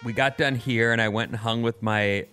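A man's voice: medium pitch, moderate pace. Middle-aged dude rambling through stories on a podcast, trips over his words a lot, faint music behind. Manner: rambling, animated storyteller with many restarts. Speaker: podcast co-host. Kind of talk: casual chat.

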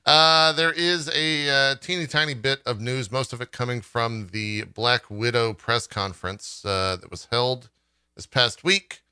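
A man's voice: medium pitch, a little slow, sharp tone, smooth, dry recording, clean studio sound. A man hosting a podcast, chatting in a laid-back way and laughing easily. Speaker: podcast host. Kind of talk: casual chat.

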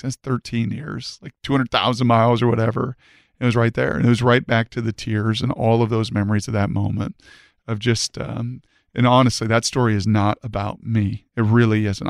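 A man with a gravelly, creaky edge tells a heartfelt story as a podcast guest, earnest and fervent, circling back and restarting his sentences as he goes. His voice sits at an ordinary pitch and sounds dry and close to the mic, with no room around it. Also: no echo. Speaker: podcast guest, former football player. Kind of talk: emotional personal storytelling.

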